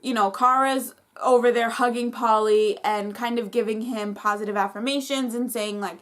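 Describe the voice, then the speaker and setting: A woman's voice: a little high, moderate pace, few pauses, a bit bright. Opinionated woman recapping reality TV. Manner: opinionated, fired up, lots of "like". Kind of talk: casual episode recap.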